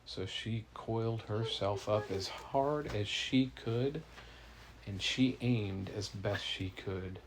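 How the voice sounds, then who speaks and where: Gravelly man telling a bedtime story. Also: mid-range voice, slow pace, a little hiss or hum. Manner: playful, rambling, easily corrected. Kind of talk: improvised bedtime story to a child.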